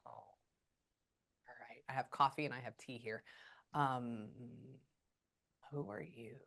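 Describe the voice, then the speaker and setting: A woman giving a psychic reading over a video call, halting often with quiet murmured asides. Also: extremely low pitch, vocal fry. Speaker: psychic medium.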